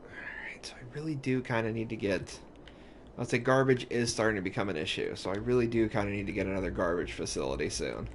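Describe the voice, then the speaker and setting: A man's voice: on the low side, fast, noisy background. Man thinking aloud over a city-builder. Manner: rambling, thinks aloud with restarts. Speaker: gaming YouTuber. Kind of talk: casual let's-play commentary.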